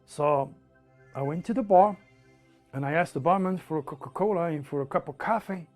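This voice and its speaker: Older man with a French accent, high-pitched, telling his story in an animated, emphatic way, with faint music behind him. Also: normal speed. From France. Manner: animated, emphatic, repeats words. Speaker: interviewee. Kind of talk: storytelling anecdote.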